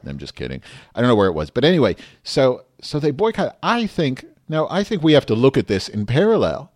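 A man's voice: medium pitch, wildly swooping pitch, brisk, darkish tone, dry recording, studio quality. A man hosting a podcast, ranting in a profane, emphatic and heated way, then turning to casual show chat. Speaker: podcast host. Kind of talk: impassioned rant and show chat.

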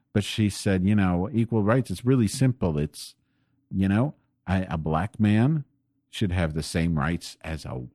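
Male host, very low voice, rambling profane political rant at his home desk. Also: darkish tone, no room sound, clean studio sound. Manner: rambling, profane and increasingly angry. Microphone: desk microphone pointed at keyboard.

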